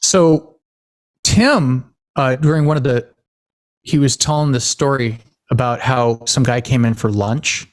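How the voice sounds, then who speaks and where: A man's voice: medium pitch, unhurried. A man hosting a podcast, casually telling rambling family stories, laughing often and acting out what people said. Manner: rambling storyteller, laughs often, acts out quotes. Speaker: podcast host.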